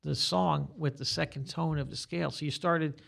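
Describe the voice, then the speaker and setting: A man's voice: a little high, steady tone, normal speed, vocal fry, fairly bright tone. An older man who teaches guitar, giving rambling, teacherly explanations as a guest in a casual podcast interview.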